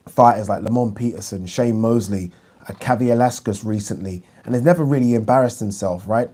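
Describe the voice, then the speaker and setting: Man, boxing channel host, blunt opinions, live viewer questions, mellow dark voice. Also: mid-range voice. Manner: blunt opinionated talk with frequent restarts. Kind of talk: live fight review answering viewer questions.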